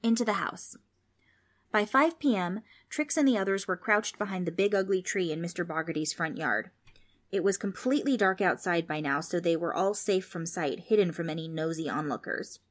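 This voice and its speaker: A woman reading a children's storybook aloud as narrator, steady and expressive. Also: on the low side, normal speed.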